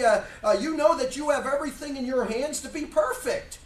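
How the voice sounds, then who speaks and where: A man pastor preaching a sermon, emphatic and full of rhetorical questions, at times shouting. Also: very high voice, expressive, normal speed. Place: church sanctuary. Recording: echoey church room from far off.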